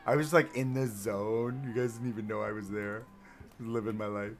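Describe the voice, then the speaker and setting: A man with a voice on the low side talks at a normal speed and with fairly even intonation. He's a livestreamer building in a game, chatting casually with his live chat and making fun of himself.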